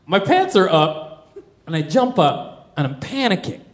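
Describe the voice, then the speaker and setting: A young man doing stand-up, telling a wild story with lots of profanity and animated delivery. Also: high voice, a little slow. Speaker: stand-up comedian.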